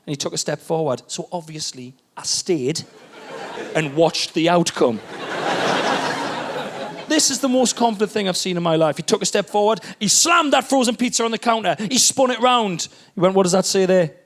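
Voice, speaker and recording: High-pitched bloke doing stand-up, animated, bit of faint hiss. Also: male voice, normal speed. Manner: animated storytelling, exclamatory, swears freely. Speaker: stand-up comedian. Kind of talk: stand-up set. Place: comedy stage.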